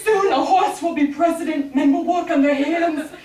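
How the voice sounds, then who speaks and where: A woman's voice: extremely high pitch, moderate pace, a little mellow, voice pushed up. A woman voicing a melodramatic, overworked older housewife who laments theatrically, recorded from afar in a roomy hall. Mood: lamenting. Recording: roomy live hall, distant mic.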